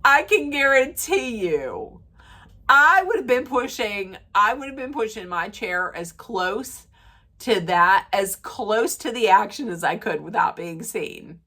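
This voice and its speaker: Slow-talking woman ranting about reality TV. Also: animated, bright, forceful tone. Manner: chatty and opinionated, lots of "like" and restarts; acts out quoted lines in a lower voice. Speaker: reality TV recap vlogger. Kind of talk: casual recap rant.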